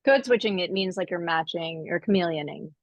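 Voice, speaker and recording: A woman co-hosting a podcast, telling stories in casual chat and acting out quotes in high voices. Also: fairly quick, dry recording, muffled recording. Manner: animated storyteller, acts out quotes in high voices. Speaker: podcast co-host.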